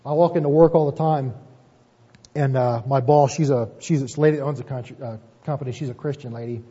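A man's voice: mid-range voice, steady tone, brisk, dark tone. A man preaching a conversational sermon as a pastor, folksy and self-deprecating, often checking in with "right?". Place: church sanctuary. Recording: muffled, echoey church hall recording.

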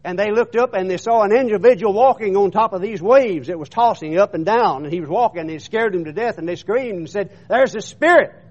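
A man's voice: high-pitched, brisk, few pauses, darkish tone. A man preaching a sermon, retelling scripture in an emphatic storytelling manner and often repeating words. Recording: dull muffled recording.

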